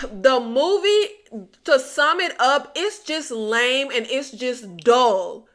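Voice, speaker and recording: Woman, film reviewer, casual chat, high voice, blunt, exasperated. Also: animated, slow pace. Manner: blunt, exasperated, chatty with the viewers. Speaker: movie reviewer.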